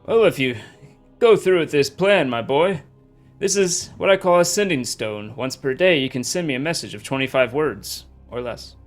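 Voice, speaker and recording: A man's voice: a little high, animated, moderate pace, faint music behind, lightly acted. A man doing a blustering old official. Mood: grandfatherly.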